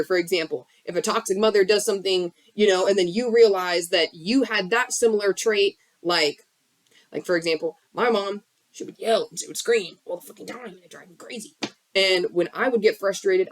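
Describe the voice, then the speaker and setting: A woman's voice: medium pitch, no echo. A woman giving an impassioned, blunt motivational talk about healing on a live stream from her bedroom, swearing freely. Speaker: spiritual coach on a live stream. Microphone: phone.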